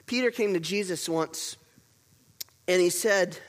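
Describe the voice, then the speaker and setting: A pastor preaches a sermon, alternating between loud, urgent storytelling and quiet, hushed emphasis while repeating words to drive his points home. His voice is high and unhurried, and the recording carries the long reverb of a large hall.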